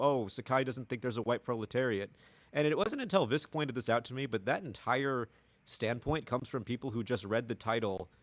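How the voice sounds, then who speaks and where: A man's voice: medium pitch, no echo. A man co-hosting a casual podcast chat, rambling and profane and full of restarts. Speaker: podcast co-host.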